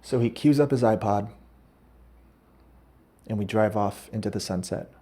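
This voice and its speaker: A man's voice: lowish voice, unhurried, warm tone, husky. A man hosting a podcast, telling a rambling, absurd comic story and often breaking off to correct himself. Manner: rambling, absurd, self-interrupting. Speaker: podcast host. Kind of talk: comedic storytelling monologue.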